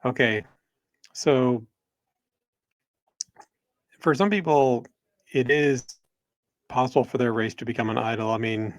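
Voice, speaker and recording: A man co-hosting a casual religious discussion podcast over a video call, explaining his point in a measured way. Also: mid-range voice, dry recording. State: spotty connection. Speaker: podcast co-host.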